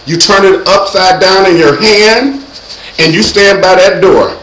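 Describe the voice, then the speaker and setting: A man hosting his own show, giving comedic safety advice in a sassy, animated way and acting out loud yells. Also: high-pitched, a little slow, roomy sound, slight background noise, rough recording. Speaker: vlog host.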